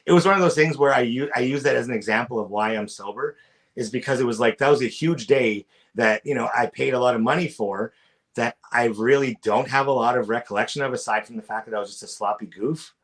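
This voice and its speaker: A man telling stories in casual podcast chat, animated, acting out the people he quotes. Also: mid-range voice, fast talker.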